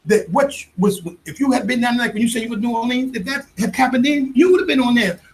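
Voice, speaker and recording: A man visiting a radio studio as a guest poet, talking earnestly and emphatically, with quick words of agreement. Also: very high voice. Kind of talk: casual radio conversation.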